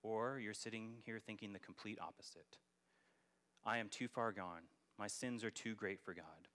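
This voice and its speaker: A man's voice: lowish voice, normal speed, sharp tone. A man preaching a sermon as a church elder, earnest and building to emphatic peaks. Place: church sanctuary.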